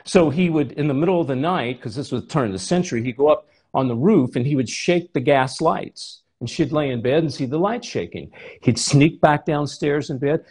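A man's voice: a little high, a little fast, hardly any pauses, a little mellow, breathy edge. A male preacher giving a sermon, telling a story with animation and asking the congregation rhetorical questions.

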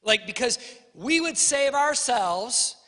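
A man in his forties preaching a sermon, an animated storyteller who acts out the voices of the people in his stories. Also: extremely high pitch, slow pace. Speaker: pastor. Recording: long hall reverb.

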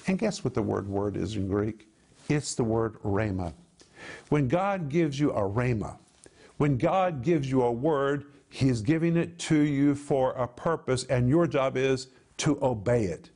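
A man's voice: on the high side, darkish tone. Emphatic man teaching from the Bible. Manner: emphatic, drawn-out stresses on key words, explaining Greek word meanings.

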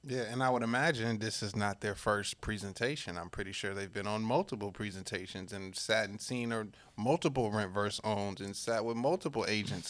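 A man with a fairly low voice hosts a podcast interview. He reacts and chats with his guest in a relaxed, encouraging tone, using casual slang. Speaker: podcast host.

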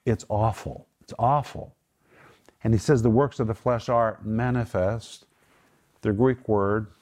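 A middle-aged man leads a Bible teaching session as host. His voice sits on the low side. He preaches with earnest emphasis and explains word meanings slowly and patiently. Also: dark tone. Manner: earnest, emphatic preaching that moves into spoken prayer. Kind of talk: Bible teaching in a studio group discussion.

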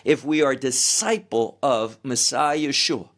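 A middle-aged male pastor teaching an expository sermon verse by verse, in a measured, deliberate way. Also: mid-range voice, a bit bright.

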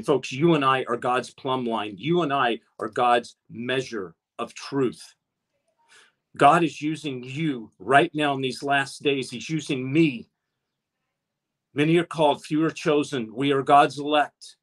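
A man's voice: medium pitch, a little slow, a bit bright. A man preaching an impassioned online sermon, with his voice rising as he exhorts his listeners. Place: streamed online, talking to a chat audience.

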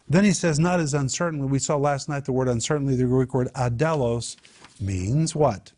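A man's voice: mid-range voice, a little fast, darkish tone. A man teaching a Bible study in an emphatic way, repeating his key phrases.

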